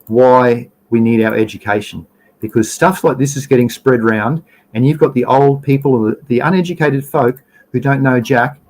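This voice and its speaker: An Australian man hosting a live stream in a loose, chatty way. He is blunt and profane, and he rants openly at his viewers. His voice sits at an ordinary middle pitch for a man. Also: a little mellow, rough recording. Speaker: livestream host. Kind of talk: casual live stream chat.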